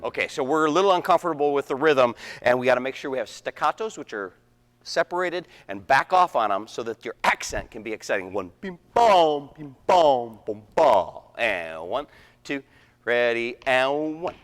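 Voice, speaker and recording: A man's voice: mid-range voice, lively intonation, brisk. Man conducting a band, singing rhythms aloud. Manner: sings rhythms aloud, counts off loudly. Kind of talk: rehearsal instruction to a wind band. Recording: echoey hall.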